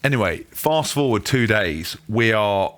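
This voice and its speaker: Man, podcast co-host, bright tone, lively storyteller. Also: fairly low pitch, measured pace. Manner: animated storyteller, laughs often, does excitable voices in quotes. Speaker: podcast co-host, former rugby player. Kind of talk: casual banter and anecdotes.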